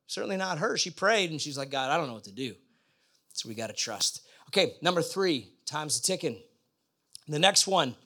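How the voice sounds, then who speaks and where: A man's voice: high-pitched, sharp tone. A middle-aged man preaching a sermon in a conversational way, often putting questions to the congregation. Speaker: pastor.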